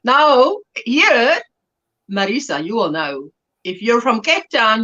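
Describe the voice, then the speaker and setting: A woman's voice: fairly high pitch, sing-song, takes it slowly, fairly bright tone, lo-fi sound. A middle-aged South African woman hosting a livestream, chatty and laughing as she reads out viewer comments. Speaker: livestream host. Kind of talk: casual chat while crafting.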